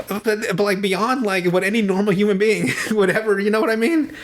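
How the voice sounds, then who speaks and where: A man's voice: high voice, a little fast. A man hosting a podcast over a remote call, retelling a movie in a casual, profane way and laughing often. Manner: profane, laughing, animated storytelling. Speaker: podcast host.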